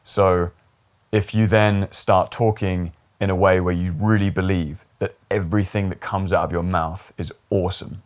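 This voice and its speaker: A young man talking to camera at his desk, giving relaxed, rambling advice with lots of fillers. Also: low voice, moderate pace. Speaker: YouTube coach on talking to camera. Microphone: camera mic, seated at desk.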